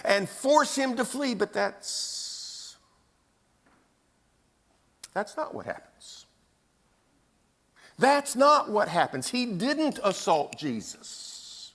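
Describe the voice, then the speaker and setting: A man preaching a sermon in a church, telling the story dramatically with pauses and acted-out scenes. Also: high-pitched, a bit bright. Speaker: pastor. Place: church sanctuary.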